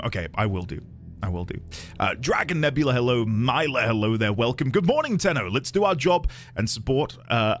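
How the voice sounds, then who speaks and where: A young man streaming a game, chatting casually and reading his viewers' messages aloud with playful mock outrage. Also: mid-range voice. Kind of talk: casual live-stream chat greeting viewers. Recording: faint music underneath.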